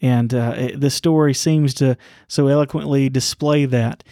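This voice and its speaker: A man's voice: mid-range voice, fairly even intonation, moderate pace, warm tone, dry recording, clean studio sound. Earnest man telling a sermon story. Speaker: podcast co-host. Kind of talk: Bible study podcast conversation.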